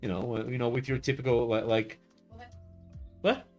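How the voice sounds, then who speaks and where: A man's voice: medium pitch, normal speed, muffled recording, faint music behind. A man chatting casually on a live art stream, rambling with lots of fillers and restarts and telling things in a wry way. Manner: wry, lively storytelling. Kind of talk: casual chat while drawing on stream.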